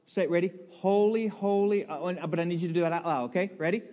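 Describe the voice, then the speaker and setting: A pastor preaching a sermon, leading the congregation in call and response with a playful, coaxing manner that builds into loud bursts. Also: male voice, on the high side, fairly even intonation, rapid-fire, dull audio. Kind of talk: sermon with audience participation. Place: large church sanctuary. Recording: long hall reverb.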